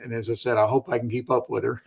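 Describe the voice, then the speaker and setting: A man's voice: mid-range voice, little pitch movement, quick pace, vocal fry, slightly rough. A man in his eighties, a Navy veteran guest, chatting reflectively. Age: 80s. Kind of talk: casual conversation.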